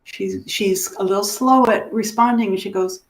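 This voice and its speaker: Woman dementia educator, lively storyteller, voices the people she describes. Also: mid-range voice, moderate pace. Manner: animated, acts out the people in her stories. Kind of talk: teaching through stories.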